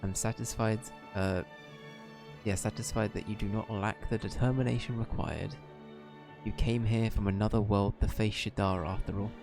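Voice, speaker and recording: A man's voice: on the low side, fairly even intonation, normal speed, creaky. A man reading the lines of a formal, wise older male sage aloud, with game music behind. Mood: grave.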